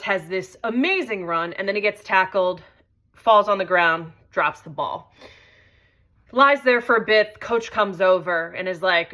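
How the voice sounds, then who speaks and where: A woman's voice: lowish voice, pushed and bright. A woman hosting her own vlog, telling a story in a conversational way and swearing freely. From United States. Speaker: host. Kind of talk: casual vlog monologue.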